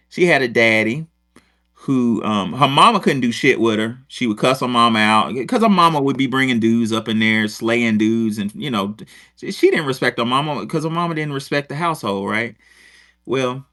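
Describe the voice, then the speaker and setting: A middle-aged man from Rochester telling a story in casual chat, with lots of swearing and digressions. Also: mid-range voice. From Rochester, New York. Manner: profane, digressive, animated. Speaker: podcast host, former teacher.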